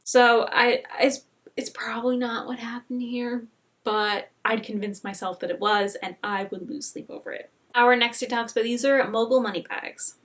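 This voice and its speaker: A woman hosting a video, reacting earnestly to a viewer's story and sometimes dropping into a breathy whisper. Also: on the high side, steady tone, normal speed, fairly bright tone. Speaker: host reacting to viewer stories. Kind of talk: casual commentary.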